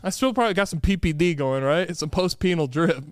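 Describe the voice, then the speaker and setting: High, smooth-voiced man with a lisp. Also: fast, no room sound, clean studio sound. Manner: storytelling, laughing often. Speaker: podcast host. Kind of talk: casual chat.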